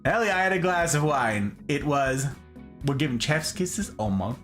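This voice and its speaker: A man's voice: a little high, big pitch swings, moderate pace, a bit bright, faint music behind. A man hosting a casual livestream, greeting viewers by name in a playful, theatrical, sing-song way. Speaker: livestream host.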